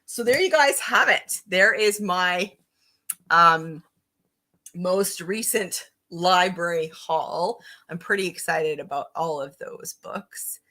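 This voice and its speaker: A woman's voice: on the low side, takes it slowly, bright, forceful tone. A woman hosting a casual live-stream book chat, upbeat and chatty, reading out viewer comments. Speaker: book channel host.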